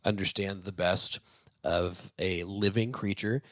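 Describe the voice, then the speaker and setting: Man, movie review host, casual plot recap, rambling, lots of fillers, low voice, dry close sound. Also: fairly even intonation, measured pace, fairly bright tone, no room sound. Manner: rambling, with many fillers and restarts; laughs while talking.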